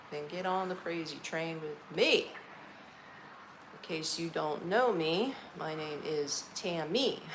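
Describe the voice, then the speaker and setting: A tired, chatty vlogger from Orlando, Florida hosts a casual live stream indoors in her apartment, eating as she talks in a slow, laid-back way. Her voice is lowish, she laughs often and uses folksy slang, and background noise is present.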